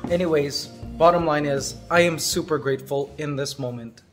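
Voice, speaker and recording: A man from Canada in his thirties, vlogging casually from his farmhouse and gushing to his viewers with excitement and emotion. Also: on the high side, normal speed, hardly any pauses, music in the background. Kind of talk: casual vlog. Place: farmhouse under construction.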